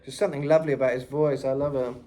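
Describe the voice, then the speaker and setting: A man's voice: medium pitch, rapid-fire, slight background noise. A man, a vocal coach, talking casually about a singer's technique, recorded on a phone and filling his talk with "you know" and "kinda". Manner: relaxed and chatty, full of "you know" and "kinda". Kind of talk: casual vocal analysis tutorial.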